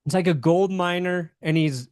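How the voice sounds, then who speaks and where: A man's voice: high voice, moderate pace, a little mellow, smooth, no echo, studio quality. A young man chatting casually as a podcast guest, candid and rambling, with casual swearing. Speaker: podcast guest, sports YouTuber.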